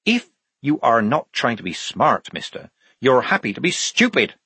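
A man's voice: medium pitch, very animated, moderate pace, breathy edge, no room sound, pitched above the performer's own voice. A man doing a fierce young woman sergeant. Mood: commanding. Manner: sharp, commanding, barking orders.

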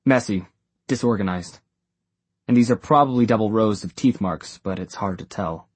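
A man voicing a brisk, matter-of-fact young female warrior. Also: on the low side, husky, no echo. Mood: clinical.

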